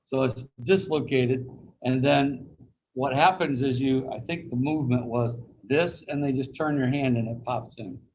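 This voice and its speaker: This anatomy lecture comes from a man on a video call, medium-pitched, a little mellow and a little slow. He's casual and folksy, slipping in anecdotes and doing voices for people he quotes, while the recording is muffled with a bit of hiss or hum.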